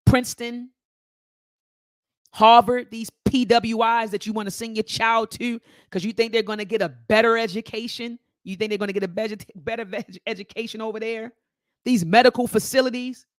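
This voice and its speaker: A woman's voice: a little high, dry recording. Passionate woman reading to her listeners. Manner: passionate, calls listeners family, repeats phrases for emphasis. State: near tears, voice dropping low. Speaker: book club host. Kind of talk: reading aloud and commenting to listeners.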